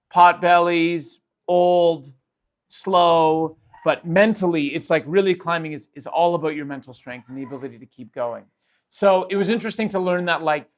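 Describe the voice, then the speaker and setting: A male podcast host tells a story in a casual, rambling manner. He restarts his sentences and uses lots of fillers. His voice is a touch higher than most men's.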